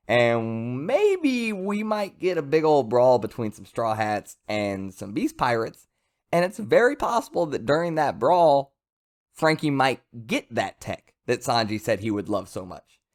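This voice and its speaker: A man giving a casual, rambling video review of a comic chapter, chatty and lively. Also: mid-range voice. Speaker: manga reviewer.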